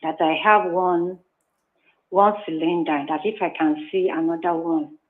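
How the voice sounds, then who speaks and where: A woman's voice: lowish voice, fairly even intonation, unhurried. A woman guest who owns a small business speaks hesitantly and politely, with many restarts. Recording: thin phone line.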